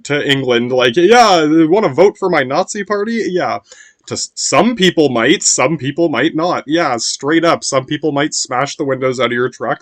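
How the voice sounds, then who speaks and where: A man's voice: medium pitch, fairly bright tone, dry recording. Rambling, profane man, dry sound. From United States. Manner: rambling, profane, sprinkled with "yeah" and restarts. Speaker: podcast host. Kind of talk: rambling casual monologue.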